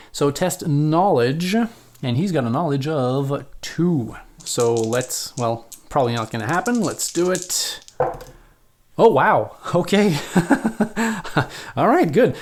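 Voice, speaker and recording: A man hosting a solo board game playthrough, reading game text aloud and thinking out loud as he counts moves, with chatty asides to viewers. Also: fairly high pitch, lively intonation, unhurried. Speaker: solo board game player and channel host.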